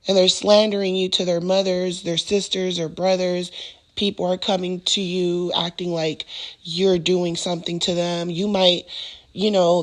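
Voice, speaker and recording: Woman talking casually, slightly low voice. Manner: repetitive, acts out both sides of arguments in quoted voices. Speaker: podcast host. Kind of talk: casual monologue on relationships.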